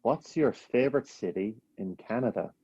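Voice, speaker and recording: A man hosting a podcast, firing off quick playful questions and laughing easily. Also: medium pitch, expressive, dark tone, husky, dry recording, lo-fi sound. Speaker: podcast host. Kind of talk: rapid-fire interview questions.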